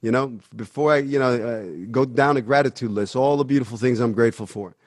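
A man's voice: medium pitch, a little fast, dry recording, studio quality. A man hosting a podcast about acting, talking casually and with energy, full of "you know.". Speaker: acting teacher and podcast host. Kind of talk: casual chat.

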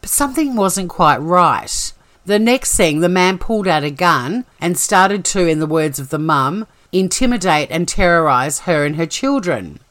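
A woman's voice: fairly low pitch, animated, normal speed, fairly bright tone. An Australian woman hosting a true-crime podcast, reading a scripted story in a chatty, wry way. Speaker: podcast host. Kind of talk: scripted narration.

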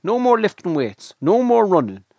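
A man's voice: high-pitched, very animated, moderate pace, a little mellow, no echo. A man, telling rambling, self-deprecating stories in casual chat on a podcast. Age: 50s. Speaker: podcast co-host.

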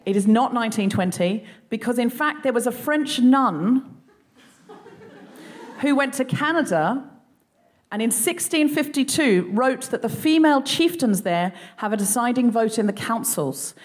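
A woman with an Australian accent hosting a live comedy quiz, playful and chatty, quick with asides. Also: fairly high pitch, animated. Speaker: comedy podcast host. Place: live venue stage.

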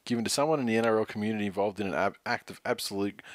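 Australian male podcast co-host, low voice, dry banter, close dry sound. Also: racing, dry recording. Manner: dry, reads tweets aloud with laughs and swearing. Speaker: podcast co-host reading listener messages. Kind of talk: casual sports podcast banter.

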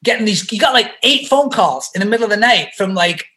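A middle-aged man shares an anecdote in a casual, animated way, often laughing and restarting his sentences. His voice is bright and forward. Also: high voice, a little fast. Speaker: actor guest. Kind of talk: casual storytelling.

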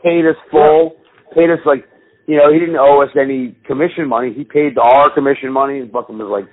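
Man, husky voice, profane rambling storyteller, phone-like tinny sound. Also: mid-range voice, steady tone, a little fast. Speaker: podcast co-host. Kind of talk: profane casual chat.

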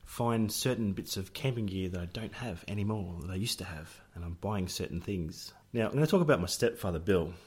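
Aussie bloke, low husky voice, joking around telling family stories. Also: male voice, lively intonation, a little fast, few pauses. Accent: Australian. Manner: jokey, laughs often, acts out family members' voices. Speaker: podcast co-host. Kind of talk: casual storytelling chat.

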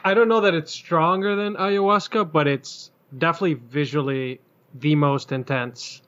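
A man in casual chat, speaking loosely with pauses and casual swearing. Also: fairly high pitch, a bit bright. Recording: dull lo-fi sound.

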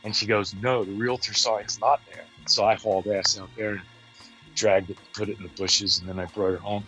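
Low-voiced man telling stories. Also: normal speed, faint music behind, low-quality recording. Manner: storytelling, animated, drops into quoted voices. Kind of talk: casual chat.

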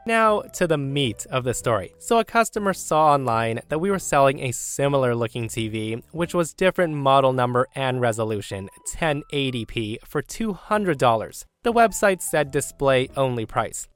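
A man reads a story aloud in a casual, wry, conversational way. His voice sits at an average pitch, and soft music plays underneath. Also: clean tone. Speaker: story narrator.

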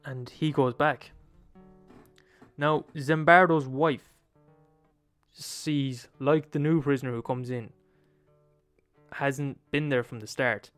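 A man's voice: mid-range voice, fairly even intonation, takes it slowly, pauses often, fairly bright tone, soft background music. A man with an Irish accent retelling a story in a casual, profane, repetitive, conversational way.

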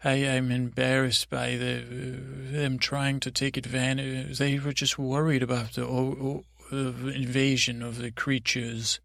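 A man's voice: medium pitch, level tone, measured pace, creaky, few pauses, fairly bright tone, no room sound, studio quality. A man doing a stammering, apologetic advisor. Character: anxious apologetic male royal advisor.

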